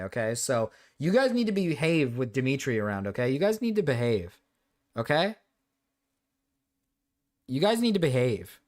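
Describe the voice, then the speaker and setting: A man streaming and reacting to videos, casual, crude and often laughing. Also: mid-range voice. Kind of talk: casual livestream reaction chat.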